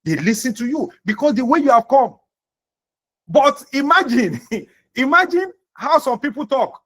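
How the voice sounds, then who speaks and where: High-voiced Nigerian male trainer. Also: expressive, unhurried, a bit bright. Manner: repetitive, acts out example dialogues. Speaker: vocational trainer. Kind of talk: soft-skills classroom lecture.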